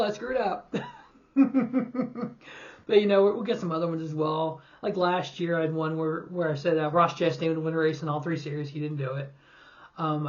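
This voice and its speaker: A man hosting his own sports show, talking casually and rattling off statistics in quick lists. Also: on the high side, highs cut off. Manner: rambling, reads stats in quick lists. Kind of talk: casual solo sports talk.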